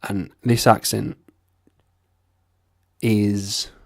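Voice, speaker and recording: London man, low-pitched and husky, chatty accent explainer, dry close sound. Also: level tone, extremely slow, no room sound. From London, England. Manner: chatty, drifts between accents and registers. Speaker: accent video host. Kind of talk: casual accent tutorial.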